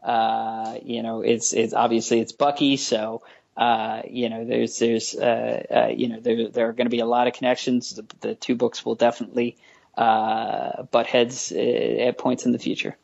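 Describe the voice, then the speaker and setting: A man's voice: mid-range voice, little pitch movement, normal speed, vocal fry, a little mellow, lo-fi sound. A man, a comic book writer, talking as a guest in a casual podcast interview, stopping and restarting often and joking with dry sarcasm.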